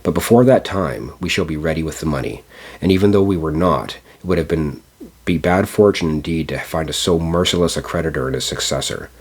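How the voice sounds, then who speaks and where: A man's voice: rumbling low, lively intonation, a little fast, breathy edge, exaggerated voice. A man voicing a relieved, poor husband speaking to his wife in an audiobook reading.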